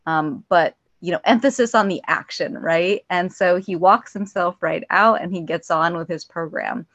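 A woman sharing reflectively at an online support meeting over a weak call connection, soft-spoken with many fillers. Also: lowish voice, normal speed, no room sound. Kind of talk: casual personal share. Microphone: phone or weak call connection. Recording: dull, dry call audio.

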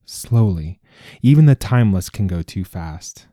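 A man's voice: sits low, lively intonation, a little slow, mellow, no echo, studio quality. A man voicing an ancient immortal desert king who speaks in a formal, stately way. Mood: musing.

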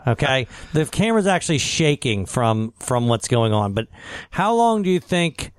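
A man co-hosting a radio show, telling a funny story in an animated way and laughing as he talks. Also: medium pitch, moderate pace, smooth, dry recording. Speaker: radio co-host. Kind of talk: casual radio chat.

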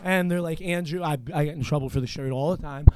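A man's voice: fairly high pitch, fast, background noise. Foul-mouthed guy telling stories. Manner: profane, animated storyteller. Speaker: podcast host. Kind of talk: casual storytelling chat.

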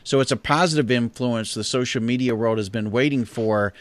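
American host, dry close sound. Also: male voice, mid-range voice, fairly quick, no room sound. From United States. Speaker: podcast host. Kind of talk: conversational interview.

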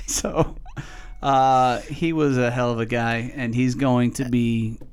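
A man's voice: medium pitch, fairly even intonation, slow pace, clean tone. A man from New England co-hosting a casual podcast, telling rambling, profane stories with many restarts. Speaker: podcast co-host, cigar shop worker. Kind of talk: casual chat.

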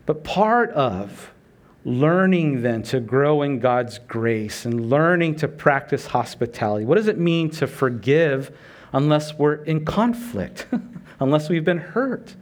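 Middle-aged guy preaching, chatty sermon, kinda high voice, lots of rhetorical questions. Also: animated, slow pace. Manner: conversational preaching, asks rhetorical questions, acts out quoted prayers. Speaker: pastor.

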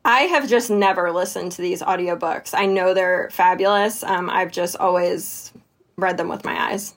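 A woman's voice: fairly low pitch, normal speed. A woman appearing as a guest on a podcast, chatting reflectively and enthusiastically about a book. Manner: reflective and enthusiastic, acts out her own reactions. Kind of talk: casual book discussion chat.

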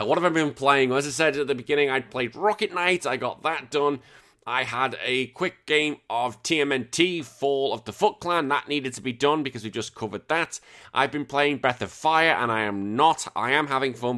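A man hosting a podcast, chatting casually in a rambling, animated way and swearing freely. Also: mid-range voice. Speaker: podcast host.

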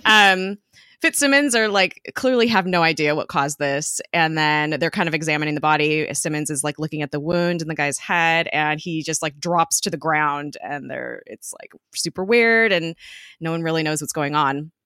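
A woman's voice: deep voice, moderate pace, bright, forceful tone, clear, resonant tone, no room sound, clean studio sound. A woman co-hosting a podcast, casually recapping a TV episode, chatty with lots of fillers and laughs. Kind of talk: casual chat.

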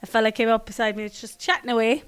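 An Irish woman of forty co-hosting a podcast, wry and laughing in casual chat, dropping quiet when she quotes herself. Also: a little high, fast, clean tone. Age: 40s. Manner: wry, laughing, drops to a soft muttering voice when quoting herself. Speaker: podcast co-host.

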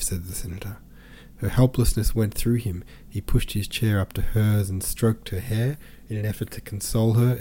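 A man reading a classic novel aloud as an audiobook, steady and measured. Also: fairly low pitch, a little hiss or hum. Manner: steady, measured, even storytelling. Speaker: podcast host and audiobook reader.

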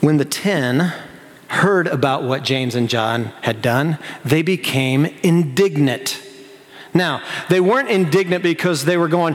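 Animated pastor preaching in a reverberant hall. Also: male voice, a little high. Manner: animated, acts out the disciples in quick excited asides. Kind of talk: sermon.

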